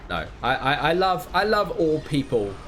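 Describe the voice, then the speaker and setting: Man, New Zealand accent, game streamer; animated, bouncy delivery, rambling crude banter. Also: on the high side, moderate pace, faint music behind. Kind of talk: casual livestream chat.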